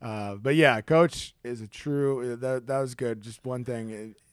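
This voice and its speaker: Man, podcast co-host, casual storytelling, animated, acts out quotes, dry close sound. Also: measured pace, clear, resonant tone, dry recording. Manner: animated storyteller, acts out quotes in a high excited voice, many restarts.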